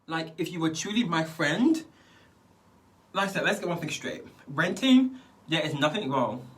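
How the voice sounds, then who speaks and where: A man's voice: a little high, expressive, normal speed, fairly bright tone. Chatty man talking from a distance. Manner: rambling, chatty, calls listener "girl", laughs often. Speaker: beauty vlogger. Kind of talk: casual commentary while doing skincare.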